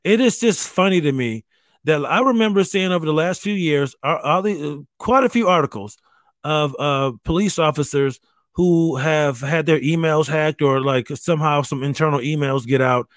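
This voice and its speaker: A man's voice: a little high, no echo, studio quality. A man ranting casually and profanely, exasperated and mocking, often stumbling over restarts. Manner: halting restarts, mimics voices. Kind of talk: casual solo rant.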